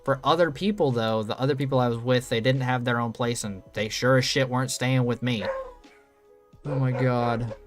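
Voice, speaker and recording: A man's voice: medium pitch, fairly even intonation, normal speed, over music. Rambling young man telling stories. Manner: rambling, loose, swears freely, many ums. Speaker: streamer. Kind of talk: casual storytelling stream.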